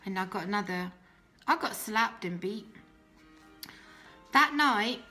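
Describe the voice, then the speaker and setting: Woman, young adult, crisp bright tone, faint background music, heartfelt storytelling. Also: mid-range voice, animated, takes it slowly. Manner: earnest, emotional, drops soft and quiet when quoting herself. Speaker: guest telling her testimony. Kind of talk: personal testimony, storytelling.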